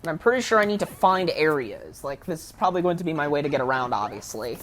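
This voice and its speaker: A woman's voice: deep voice, animated, quick pace, fairly bright tone, slight background noise. A woman giving casual, rambling let's play commentary, frank and often correcting herself.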